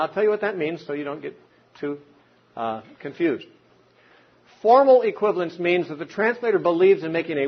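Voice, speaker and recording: A man's voice: high voice, slightly rough. A man giving an unscripted Bible teaching talk, explaining with examples and rhetorical questions. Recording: dull lo-fi recording.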